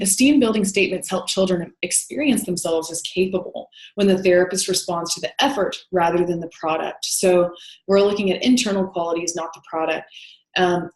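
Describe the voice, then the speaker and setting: A woman's voice: fairly low pitch, reverberant, rough recording. A woman teaching counseling in a recorded lecture, explaining step by step with frequent "um" and "you know". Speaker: counseling instructor.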